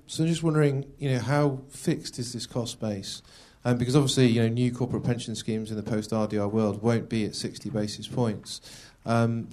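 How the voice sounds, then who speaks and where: A man's voice: medium pitch, darkish tone. A man, a financial analyst, politely and methodically asking a question at a results briefing.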